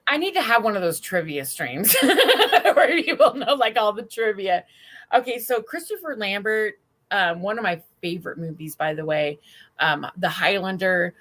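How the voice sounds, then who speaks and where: Animated bawdy woman streamer. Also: mid-range voice, normal speed. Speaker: stream host. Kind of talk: casual livestream chat.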